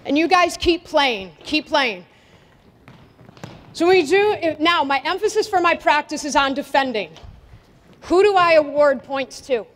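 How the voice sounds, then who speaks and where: High-voiced woman coaching in a gym. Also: unhurried. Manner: directive, energetic, asks questions of players. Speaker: soccer coach. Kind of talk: coaching clinic demonstration. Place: indoor gym. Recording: long reverb of a gym hall.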